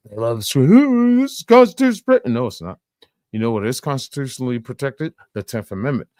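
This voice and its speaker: A man's voice: lowish voice, no room sound, clean studio sound. A man hosting a live stream, reacting in a profane, rambling way and laughing often.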